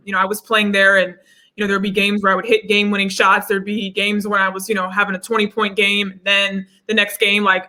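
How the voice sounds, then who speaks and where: A young woman speaks over a video call, her voice bright and forceful. She tells her story with energy and acts out the lines of other people as she goes. The tone stays casual and conversational. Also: medium pitch. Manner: animated storyteller, acts out quotes. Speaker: guest.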